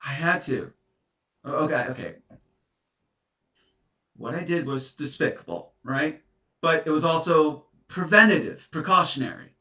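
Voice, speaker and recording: A guilt-ridden heartbreaker, played by a man stammers and flusters through apologies in a comedy sketch, speaking slowly with big swoops in pitch. His bright voice sounds distant, in an echoey room. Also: animated, exaggerated voice. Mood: flustered. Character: guilt-ridden serial dumper facing an ex's ghost.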